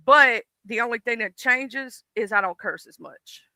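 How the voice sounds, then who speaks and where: A man with a Southern US drawl talks in a high, very bright voice, lively and unfiltered, cursing freely as he chats with friends on his stream. The sound is close and dry. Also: measured pace, smooth, no echo. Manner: animated, swearing freely, loud asides. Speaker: stream host. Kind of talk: casual chat.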